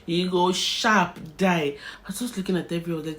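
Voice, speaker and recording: A young Nigerian woman with a Nigerian accent, telling a personal story in an animated storytime vlog and slipping into Pidgin. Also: fairly low pitch, brisk, slight background noise. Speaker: vlogger.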